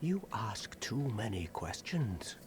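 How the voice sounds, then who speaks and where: An actor playing a gloomy, sardonic undead warrior in a video game, with a depressing monotone delivery that is cynical and world-weary. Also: male voice, lowish voice, slow, a crowd in the background. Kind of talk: video game character dialogue. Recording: game audio with steady background noise.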